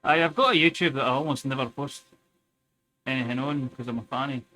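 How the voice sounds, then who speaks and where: A man's voice: medium pitch, fairly quick, bright, forceful tone. A Scottish man telling rambling stories in casual stream chat. He swears a lot and tinkers with something as he talks. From Scotland. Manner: sweary, chatty, tells stories while tinkering. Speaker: livestreamer.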